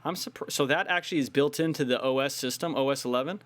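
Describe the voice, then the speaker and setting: A man's voice: medium pitch, fast, fairly bright tone. Tired but upbeat male esports caster. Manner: upbeat, pushing to keep energy up. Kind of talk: live play-by-play commentary.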